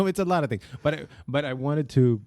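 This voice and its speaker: Man, podcast co-host, casual banter, frequent laughter, mellow tone, dry close mic. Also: lively intonation, brisk, no echo. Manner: laughs often, breaks into high-pitched laughing bursts. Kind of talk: casual chat.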